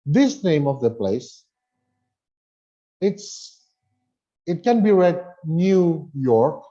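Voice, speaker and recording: Slow, lively-voiced man teaching English online. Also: high-pitched, muffled recording. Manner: explains slowly, rereads dialogue lines, chatty asides. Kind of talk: online language lesson.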